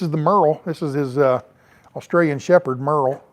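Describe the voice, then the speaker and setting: A man's voice: a little high, a little fast. A middle-aged man, chatting loosely on his porch with lots of fillers and restarts. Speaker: travel vlogger. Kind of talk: rambling casual chat. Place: on a porch, outdoors.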